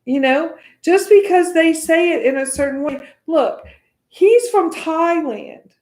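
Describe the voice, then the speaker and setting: Woman from the US, meditation teacher, casual teaching, keeps asking "right?", bright high voice, roomy echo. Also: animated, takes it slowly. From United States. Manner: chatty, often adds "right?".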